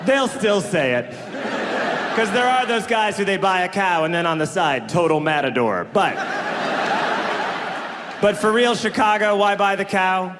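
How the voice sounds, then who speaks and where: Man, stand-up comic, fairly high voice, dry roasting delivery, noisy live room. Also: unhurried, pauses often. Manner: dry, wry roast-style delivery with extended metaphor. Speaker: stand-up comedian. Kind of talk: stand-up comedy set. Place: comedy club stage. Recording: live club with loud crowd laughter.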